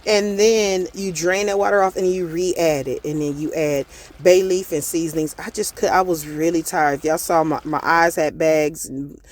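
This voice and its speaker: A woman's voice: low-pitched, fairly even intonation, normal speed. Chatty woman cooking voiceover. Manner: chatty, folksy, addresses viewers as y'all. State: throat irritation, clearing throat. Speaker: cooking vlogger. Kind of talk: casual recipe voiceover. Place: parked car on a work break.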